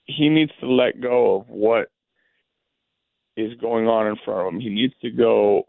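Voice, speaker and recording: A man who played pro baseball, a guest giving thoughtful, halting answers in a casual interview. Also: lowish voice, vocal fry, a little mellow, no echo, low-quality recording. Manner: thoughtful, halting, restarts phrases.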